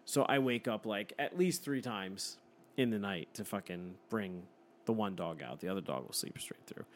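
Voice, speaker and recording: Guy in his 30s rambling thru a funny story, cussing a lot, lowish voice. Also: moderate pace, a little hiss or hum. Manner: profane, laughing storyteller. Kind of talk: casual storytelling chat.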